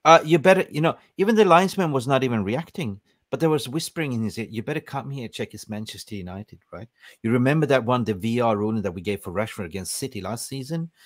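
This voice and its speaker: A man's voice: mid-range voice, lively intonation, fast, few pauses, no echo, studio quality. A man hosting a football podcast, ranting emphatically in casual chat. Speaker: podcast host.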